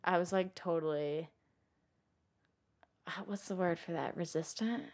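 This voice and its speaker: Telling her own story in an interview, a young woman rambles and gets emotional, with "like" in nearly every phrase. She speaks unhurriedly in a fairly low, darkish voice.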